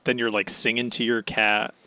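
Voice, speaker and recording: A male podcast co-host banters casually with wry, deadpan jokes. His voice sits at a middle pitch. The recording is dry and close. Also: normal speed, clear, resonant tone, no echo. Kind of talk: casual chat.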